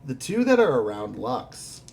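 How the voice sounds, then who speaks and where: A man narrating a tabletop role-playing game as game master, quick and dramatic. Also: medium pitch, wildly swooping pitch, gravelly, darkish tone, slight background noise.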